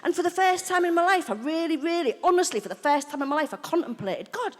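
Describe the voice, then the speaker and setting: A woman's voice: high voice, quick pace. Woman telling her recovery story. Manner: animated and frank, laughing and swearing, acting out quoted lines. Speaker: main speaker at a recovery convention. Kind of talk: personal recovery testimony told as a story. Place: convention hall. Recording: live talk in a reverberant hall.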